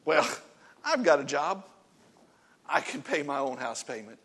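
A male pastor delivers a sermon in an easygoing, talkative way, his voice sitting a touch high. He laughs at himself now and then and moves between soft, low stretches and loud bursts of emphasis. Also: big pitch swings, unhurried, slightly rough. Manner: conversational preaching with laughter and self-deprecating asides.

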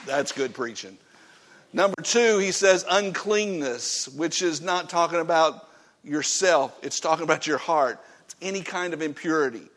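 Man, pastor, sermon, emphatic, folksy, slightly high voice. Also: moderate pace, some chatter behind. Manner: emphatic, folksy, swings from loud to hushed. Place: church.

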